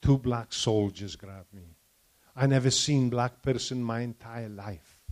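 A man's voice: mid-range voice, measured pace, a little mellow. An older man from Poland with a Polish accent and broken English, giving a testimony to a church audience and stopping to put questions to the listeners.

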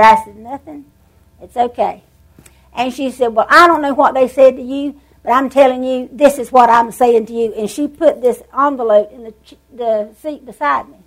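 A woman preaching a sermon, telling stories with animated emphasis and drawn-out words. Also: high-pitched, low-quality recording.

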